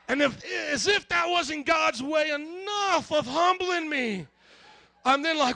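A male pastor preaching a sermon, telling stories in an animated way and shouting as he acts them out. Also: very high voice, a little slow, creaky, dry recording. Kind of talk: sermon with storytelling.

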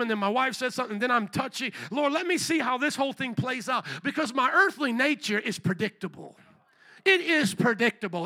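High, bright-voiced preaching man. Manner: animated preaching, call-and-response asides, bursts of shouting. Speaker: pastor. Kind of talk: sermon.

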